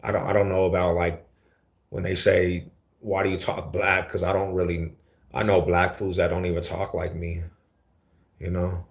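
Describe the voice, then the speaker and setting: Very low-voiced East Denver man, slangy. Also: level tone, normal speed, creaky, a little mellow. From Denver, USA. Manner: laid-back slangy talk, calls people homie and fool. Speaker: livestream host. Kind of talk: casual livestream chat answering viewers.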